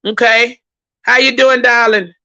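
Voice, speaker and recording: Bright-voiced high-pitched woman host. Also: fairly even intonation, a little slow, dull audio. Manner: talkative, emphatic, repeats herself for emphasis. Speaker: host reading viewer comments. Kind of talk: casual livestream commentary.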